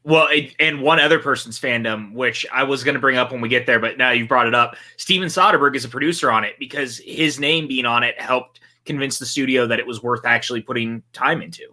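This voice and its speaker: A man's voice: medium pitch, fairly quick, hardly any pauses, pushed and bright. A man co-hosting a casual movie watch-along stream, chatting and reading out viewer comments. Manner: chatty, reads viewer chat aloud. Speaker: podcast co-host.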